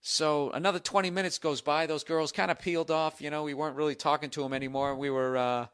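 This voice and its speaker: A man hosting a podcast, telling a story in a comedic monologue, profane and animated as he rants. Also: fairly high pitch, fast, smooth. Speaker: podcast host.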